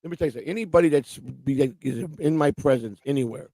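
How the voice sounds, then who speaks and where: A gravelly, rough-edged man hosts a casual morning livestream, ranting and rambling while swearing freely and quoting people to mock them. His mid-range voice is fast yet mellow. The livestream mic gives a dry, close sound with no echo or room around it.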